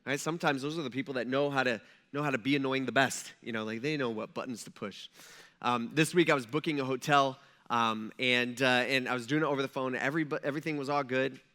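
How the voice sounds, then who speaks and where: A man's voice: mid-range voice, steady tone, fast talker, pushed and bright. A man preaching a conversational sermon in a church, telling stories and acting out quoted asides. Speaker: pastor.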